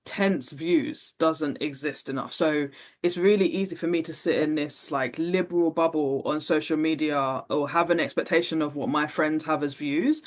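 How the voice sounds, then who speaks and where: A woman's voice: sits low, normal speed, few pauses. A woman, a podcast guest speaking thoughtfully in a conversational interview, with frequent fillers.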